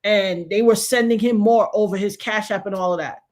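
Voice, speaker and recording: A woman hosting a casual chat, telling stories in an animated way and acting out the people she quotes. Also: mid-range voice, brisk. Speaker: show host.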